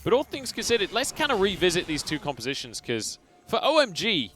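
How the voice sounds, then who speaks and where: Male esports caster, animated delivery, slightly high, jokey banter. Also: a little fast, faint music behind. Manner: jokey, chatty banter between calls. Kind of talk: play-by-play and colour commentary.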